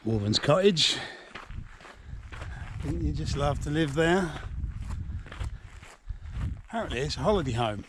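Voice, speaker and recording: A man's voice: medium pitch, noisy background. A middle-aged man guiding a walk outdoors on woodland lanes, talking while hiking and giving directions with dry jokes. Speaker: walking guide. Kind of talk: casual walking vlog narration.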